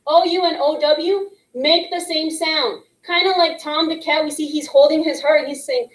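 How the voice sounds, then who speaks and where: A woman teaching young students a phonics lesson, patient and encouraging, slowly sounding out letter blends. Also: sits high, reverberant, poor audio. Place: classroom with a whiteboard. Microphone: microphone picked up partway.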